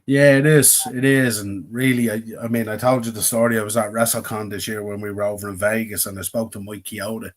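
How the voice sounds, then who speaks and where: A man's voice: fairly low pitch, fairly even intonation, a little fast, few pauses. A man with an Irish accent, co-hosting a podcast in casual chat. He talks in a rambling, reflective way, with many fillers. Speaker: podcast co-host.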